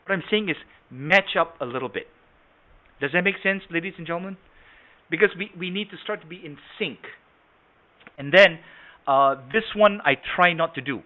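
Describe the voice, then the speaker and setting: A man's voice: a little high, moderate pace. A man leading an online sales training session, demonstrating points and often checking whether the audience follows. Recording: tinny phone-like online call audio.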